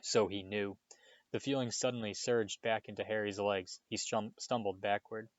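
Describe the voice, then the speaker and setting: A low-voiced man reads a storybook chapter aloud, expressive and now and then tripping over a word. The recording is dull and dry, with no room sound. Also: normal speed, dry recording. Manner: expressive reading with occasional slips. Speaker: reader.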